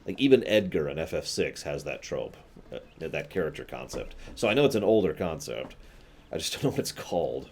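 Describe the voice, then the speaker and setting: A man's voice: a bass voice, sing-song, a little fast, a little hiss or hum. A man streaming a video game, giving casual commentary with chatty, offhand asides.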